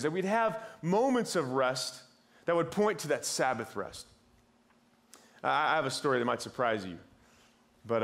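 Man, 30s, pastor preaching, slightly high voice, conversational, stumbling repeats. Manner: conversational preaching with repeated words and shifting loudness. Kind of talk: sermon. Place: church.

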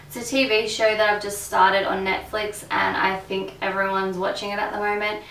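A young woman speaks candidly in a relaxed vlog chat, swearing now and then. She sits a little away from the mic, so the room echoes around her voice. A faint hum of household ambience sits underneath. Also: mid-range voice, moderate pace, far from the mic. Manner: candid, chatty, swears freely. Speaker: beauty vlogger. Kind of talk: casual to-camera chat.

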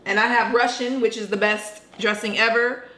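A woman's voice: a little high, moderate pace. A woman co-hosting a casual eating vlog, talking to viewers in a laid-back way. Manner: laid-back, relaxed, talks to viewers as y'all. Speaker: vlog co-host. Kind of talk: casual mukbang chat. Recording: roomy echo, faint noise.

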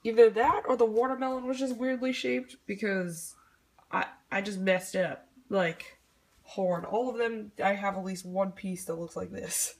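A woman's voice: medium pitch, measured pace. A young woman vlogging casually about her day, talking in a chatty way with lots of filler words. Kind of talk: casual vlog chat.

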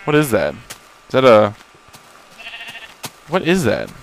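This young gamer's mid-range voice swings wildly in pitch as he talks slowly through a game he's never played, using a laptop mic. His casual, rambling commentary is self-deprecating, and he's easily startled into swearing. The poor audio has slight background noise.

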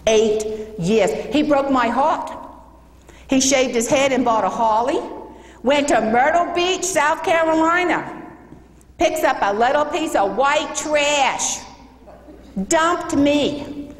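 A woman playing a loud, brash New York woman, heartbroken and angry, with a New York accent. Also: takes it slowly, long pauses. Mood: furious. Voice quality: loud, brash, high-pitched. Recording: echoey hall from a distance.

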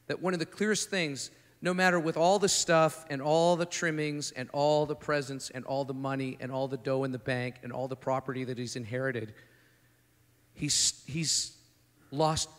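A man's voice: a little high, normal speed. A man preaching a sermon at a conference, talking in a conversational way with many restarts and acting out the people in the story. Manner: animated, acts out the speakers in the story. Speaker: conference speaker. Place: conference hall. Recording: long hall reverb.

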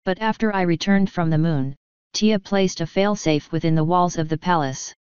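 A woman's voice: fairly low pitch, normal speed, darkish tone, clear, resonant tone, no echo, lightly acted. A woman voicing a regal, solemn female pony princess who speaks formally. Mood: grave. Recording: dull lo-fi dry recording.

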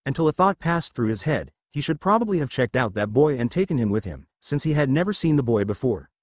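A man narrating a fan fiction story in an expressive reading style. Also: medium pitch, a little fast, no echo.

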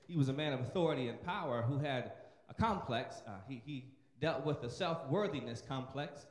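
Male pastor, sermon, emphatic and lively, echoey church. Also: medium pitch, brisk. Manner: emphatic, calls out to the congregation. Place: church sanctuary.

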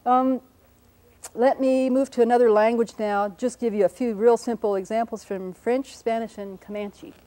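A woman's voice: a little high, fairly even intonation, normal speed, dark tone, low-quality recording. A woman teaching a linguistics lesson at a whiteboard, patiently sounding out example words and correcting her own slips as she goes. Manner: self-correcting, apologizes for slips. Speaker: linguistics lecturer. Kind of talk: explanatory classroom lesson at a whiteboard.

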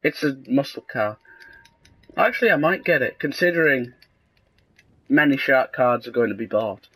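A young man with a sarcastic, deadpan manner, casually commentating a video game and breaking into sudden excited yelps. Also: mid-range voice, moderate pace, husky, rough recording. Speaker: gaming video host.

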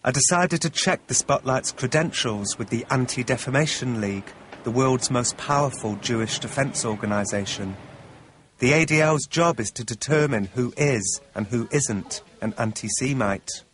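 A man's voice: medium pitch, moderate pace, a bit bright, a little hiss or hum. Man narrating a documentary wryly. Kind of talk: first-person documentary narration.

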